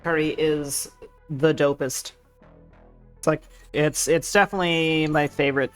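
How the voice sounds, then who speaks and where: A woman streaming games, chatting casually and excitedly with her viewers, rambling and restarting her sentences. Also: sits low, unhurried, soft background music. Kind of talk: casual gaming stream chat.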